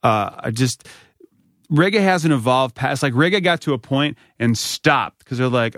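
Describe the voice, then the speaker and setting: A man's voice: medium pitch, normal speed, fairly bright tone, no echo, clean studio sound. A man co-hosting a podcast, chatting casually and cracking playful jokes. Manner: jokey, playful wordplay. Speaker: podcast co-host. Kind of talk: casual chat.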